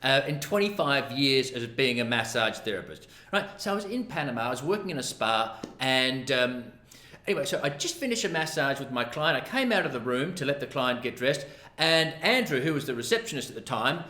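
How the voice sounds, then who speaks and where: Animated middle-aged Australian man, bright voice. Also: mid-range voice, brisk. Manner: animated, self-deprecating, acts out dialogue. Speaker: massage therapist. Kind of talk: casual storytelling to camera. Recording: roomy echo.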